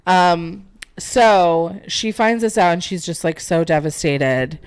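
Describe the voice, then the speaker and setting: A woman's voice: lowish voice, takes it slowly, clear, resonant tone. A young woman co-hosting a podcast, recapping a film in casual chat, saying "like" all the time. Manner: chatty, fillers "like" constantly, acts out lines from the film. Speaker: podcast co-host.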